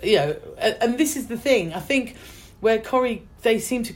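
A woman's voice: on the high side, expressive, normal speed. Chatty middle-aged woman. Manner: chatty storyteller, many restarts. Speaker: actress guest. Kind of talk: casual interview chat.

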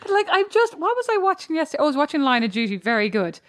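A woman co-host in a casual podcast chat, giggly and animated as she tells stories. Her voice sits a little high. It is recorded close and dry. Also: very fast, no room sound.

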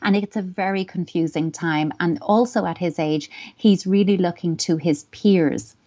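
A woman gives parenting advice on a podcast. Her voice sits fairly low, and she speaks in a thoughtful, measured, reassuring way. The audio is a little dull and lo-fi. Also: mellow. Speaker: parenting expert. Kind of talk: advice podcast answering a listener question.

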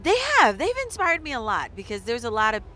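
A woman's voice: fairly high pitch, sing-song, fairly quick, pushed and bright. Lady chatting backstage, upbeat and earnest, lots of "like", faint background noise. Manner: bubbly and earnest, with filler words like "like". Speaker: country singer interviewed as guest. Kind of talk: casual interview chat. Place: backstage at an outdoor festival.

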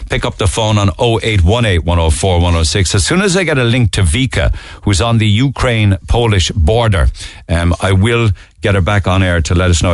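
A man with a Cork accent hosting a radio show, running through the day's papers and announcements in a chatty, animated way with quick asides. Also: lowish voice, no room sound. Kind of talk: radio newspaper review and announcements. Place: radio studio. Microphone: studio microphone.

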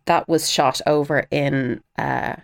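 A woman's voice: low-pitched, slow, vocal fry. An Irish woman, an actor and former TV presenter, chatting animatedly as an interview guest. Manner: animated and chatty, with frequent fillers. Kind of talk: casual interview chat.

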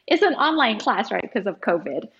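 A woman's voice: on the high side, very animated, moderate pace, a bit bright, dull audio. A woman in her thirties, an author guest chatting casually in an interview, giggly and full of fillers.

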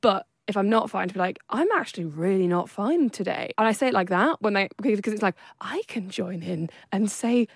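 A woman's voice: medium pitch, fairly quick, hardly any pauses, dry recording, clean studio sound. A young woman co-hosting a podcast, speaking frankly about her own feelings and throwing in jokey, self-deprecating asides. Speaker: podcast co-host. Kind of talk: casual chat.

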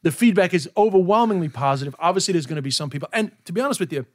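Man, comedian, casual podcast chat, animated storyteller, high-pitched. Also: rapid-fire, a little hiss or hum. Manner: animated storyteller who swears often and acts out dialogue.

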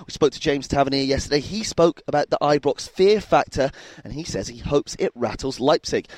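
Upbeat radio reporter at the stadium. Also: male voice, on the high side, dry recording. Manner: lively, building excitement. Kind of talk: live sports radio report.

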